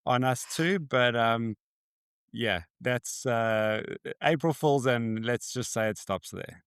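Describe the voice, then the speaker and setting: A man talking as a podcast guest in a measured, unhurried way, often pausing to think. His voice is smooth and resonant. The recording is dry and close. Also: medium pitch, fairly bright tone, no echo. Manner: measured, many ums and pauses. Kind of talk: casual chat.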